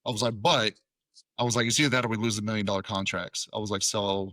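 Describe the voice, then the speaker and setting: Bright-voiced man swearing through a story. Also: on the low side, steady tone, fast, no room sound. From Tennessee, USA. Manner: profane, acts out quoted dialogue. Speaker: podcast guest, Air Force veteran. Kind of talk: casual storytelling.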